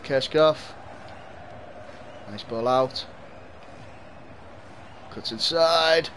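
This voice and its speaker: A young man from Liverpool, England, streams himself playing a football video game, commentating live, chatting with viewers, and laughing often in a mild Scouse accent. His voice is fairly high and a bit bright at a moderate pace, with a little hiss or hum.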